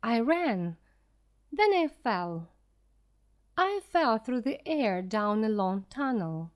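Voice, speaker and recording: A narrator reads a simple adventure story aimed at beginner learners. Her voice is slightly high with lively intonation, and she speaks slowly and clearly.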